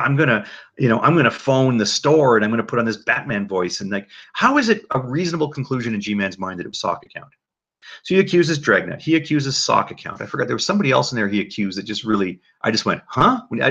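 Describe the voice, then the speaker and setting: A man hosting a casual livestream commentary, rambling and animated, with frequent restarts. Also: fairly low pitch, gravelly, husky. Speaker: livestream host. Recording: dull lo-fi mic.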